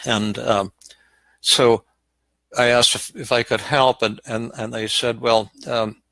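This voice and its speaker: An older man, a psychiatrist, telling a personal story in a live question-and-answer session, halting and repeating words as he goes. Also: medium pitch, little pitch movement, a bit bright, low-quality recording. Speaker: psychiatrist and podcast host.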